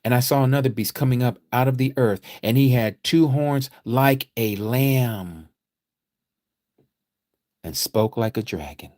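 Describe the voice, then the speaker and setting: A man teaching a livestreamed scripture lecture, preaching emphatically and repeating phrases, his voice swinging from quiet to loud. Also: medium pitch, measured pace, no echo, clean studio sound. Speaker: Bible study teacher.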